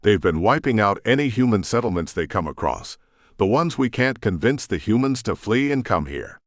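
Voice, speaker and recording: A man voicing a steady, matter-of-fact female soldier briefing on an attack in an audiobook. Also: on the low side, normal speed, dry recording, clean studio sound. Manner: steady, explanatory.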